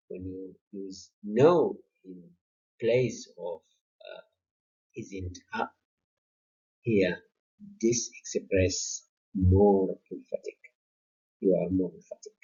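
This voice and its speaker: A male university lecturer with a Sudanese accent, Arabic-speaking by birth, explaining grammar in a recorded lecture, slow and halting with many fillers and repeated points. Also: medium pitch, very animated, warm tone, breathy edge, lo-fi sound.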